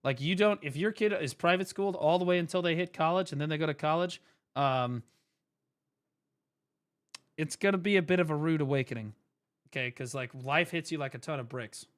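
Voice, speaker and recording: A man, a former teacher, chatting casually on stream and telling stories, profane and animated. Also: fairly high pitch, a little fast, pauses often. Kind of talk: casual stream chat and storytelling.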